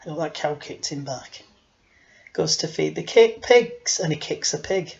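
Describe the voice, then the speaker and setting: A man's voice: fairly high pitch, lively intonation, a little slow, vocal fry, darkish tone, highs cut off. Rambling, self-mocking man. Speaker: storyteller host. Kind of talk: casual joke-telling home video.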